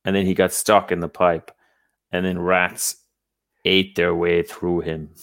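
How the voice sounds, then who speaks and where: An Irish comedian telling profane, laughing party stories in a casual chat. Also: male voice, sits low, little pitch movement, unhurried, vocal fry, fairly bright tone, no echo. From Ireland. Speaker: comedian podcast host.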